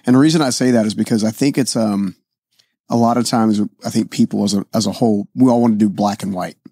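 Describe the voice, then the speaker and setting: A man's voice: on the low side, fast talker, mellow, breathy edge, no echo, studio quality. A man from the American South hosting a casual interview, affirming his guest and asking follow-up questions. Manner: affirming, conversational, with frequent short agreements. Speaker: podcast host.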